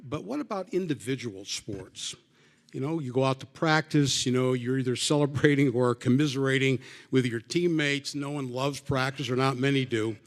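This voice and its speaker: A man's voice: mid-range voice, moderate pace. Wry banquet emcee, a man. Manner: wry, joking, conversational. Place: banquet dinner hall.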